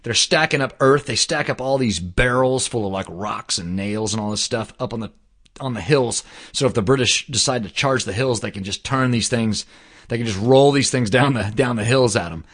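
A man telling a story in casual chat, animated and slangy, swearing now and then. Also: medium pitch, moderate pace.

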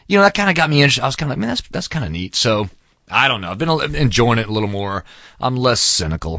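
A middle-aged man hosting a show, talking in a loose, excitable way and saying "man" and "dude" a lot. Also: on the low side, no echo. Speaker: show host. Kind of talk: casual monologue. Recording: dull dry lo-fi sound.

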